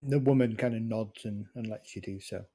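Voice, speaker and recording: Relaxed game master narrating a tabletop game, mellow and loosely paced. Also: medium pitch, breathy edge. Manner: casual, halting narration with fillers.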